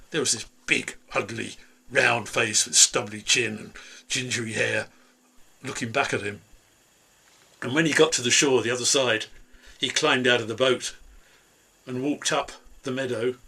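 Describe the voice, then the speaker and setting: A man tells an old folk tale with a bright, forward edge to his slightly husky voice. He paces it dramatically, leaning into key words and pauses, speaking into a computer mic on a video call. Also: medium pitch. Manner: lively, dramatic, voices characters. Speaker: storyteller. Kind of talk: oral folk tale telling. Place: home room on a video call.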